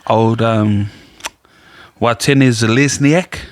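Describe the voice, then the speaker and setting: New man, mid-pitched, rambling casual podcast storyteller, dry close sound. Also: slow pace, dry recording. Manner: rambling anecdotal storyteller, quotes people in his own voice. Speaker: podcast co-host. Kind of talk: casual chat.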